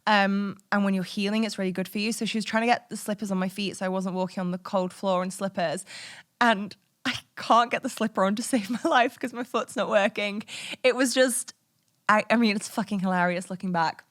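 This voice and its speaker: A woman's voice: mid-range voice, brisk. A woman in her thirties hosting a podcast, telling a candid personal story in a frank, chatty way, swearing casually and laughing often. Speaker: podcast host.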